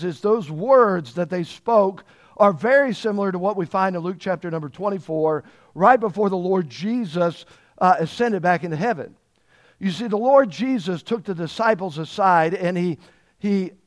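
A man preaching a sermon, leaning hard on key words and asking the congregation questions. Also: high-pitched. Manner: emphatic, drawn-out stresses on key words.

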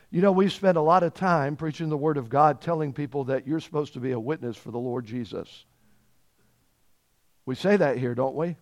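A male preacher with a notably high voice delivers a sermon. He stretches out the words he wants to land and keeps checking in with his listeners through questions. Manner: emphatic, drawn-out stresses on key words; asks the congregation questions.

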